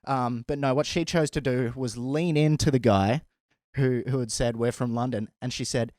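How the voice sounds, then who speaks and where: Male comic, animated storyteller, dry close sound. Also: medium pitch, moderate pace, no echo. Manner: animated, laughs often while telling. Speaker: stand-up comedian. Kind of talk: casual storytelling.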